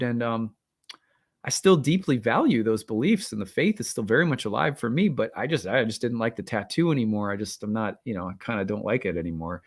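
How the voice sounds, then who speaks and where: A man with a medium-pitched voice and lively intonation talks a little fast. He hosts an astrology channel and tells a personal story as a casual monologue, rambling and candid, with many fillers and asides that poke fun at himself.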